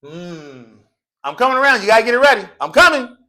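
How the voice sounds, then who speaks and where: Lively, high-voiced man teaching class. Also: a little fast. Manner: playful, joking, laughs often; slangy casual speech. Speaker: Arabic teacher. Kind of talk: classroom Arabic lesson, call and response. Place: mosque classroom.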